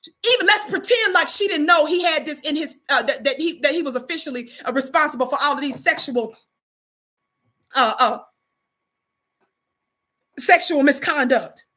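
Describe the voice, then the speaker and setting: A woman speaks in a high, bright, forceful voice. She delivers impassioned commentary like a preacher, indignant and calling on her listeners to answer back. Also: normal speed, long pauses. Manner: preachy, indignant, call-and-response.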